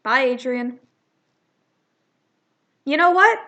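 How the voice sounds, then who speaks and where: A woman voicing a sharp-tongued young female cat from a comic she reads aloud, cutting and scornful. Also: sits high, lively intonation, slow, exaggerated voice.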